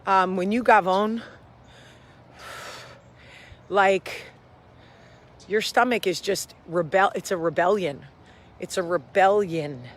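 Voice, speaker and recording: A woman hosting a casual vlog walks uphill outdoors, out of breath, speaking slowly with long pauses in a mid-range voice. She rambles, laughs at her own jokes and swears freely.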